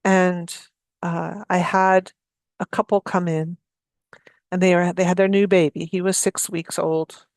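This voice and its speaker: A woman giving a talk, telling a story from her healing practice in a soft, conversational way. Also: fairly low pitch, little pitch movement, unhurried, no room sound, studio quality. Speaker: speaker giving a free talk.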